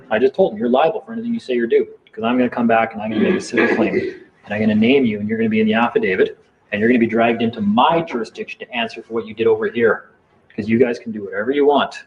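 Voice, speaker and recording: Man, mid-pitch, heated and defiant in casual late-night chat, dull lo-fi audio with faint hiss. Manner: heated, defiant storytelling with swearing. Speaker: live stream participant. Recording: dull lo-fi sound with faint noise.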